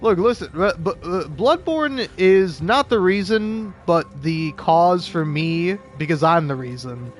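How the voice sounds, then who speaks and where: Soft music plays behind a young gamer who streams and chats casually, cursing, using plenty of filler and laughing at his own remarks. His high voice has lively intonation, and he's unhurried yet hardly pauses.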